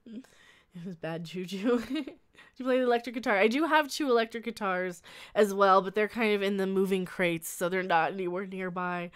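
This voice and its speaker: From a small room at home, a young woman hosts a casual livestream, reading and chatting with her chat as she rambles, laughs often, and restarts sentences. Her voice is mid-range and clean, at a moderate pace.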